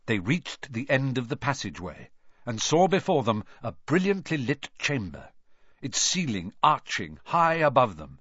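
A man reading a children's fantasy story aloud with expressive, dramatic narration. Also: mid-range voice, normal speed, husky, no room sound, lo-fi sound. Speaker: audiobook narrator.

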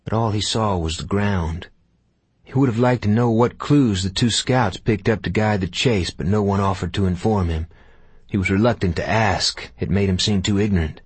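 A man narrating an audiobook in a measured, unhurried storytelling manner. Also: fairly low pitch, slightly rough, no echo.

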